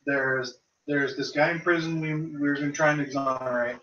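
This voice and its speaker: A man's voice: fairly high pitch, fairly even intonation, normal speed, a bit bright, echoey room, far from the mic, dull audio, slight background noise. A man playing a tabletop game, chatting loosely with lots of um and restarts. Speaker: player. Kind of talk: casual tabletop game chat.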